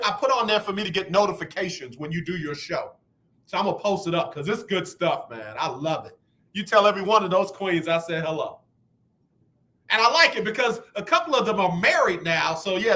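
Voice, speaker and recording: A man hosting a radio talk show, chatting casually and acting out both sides of conversations. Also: high voice. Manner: animated, acts out both sides of talks.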